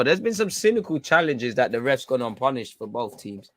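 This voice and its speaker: A man reacting live to a football match from home, bantering in slang and shouting when chances come. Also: mid-range voice, lively intonation, a little fast, few pauses, no room sound. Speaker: football watchalong streamer.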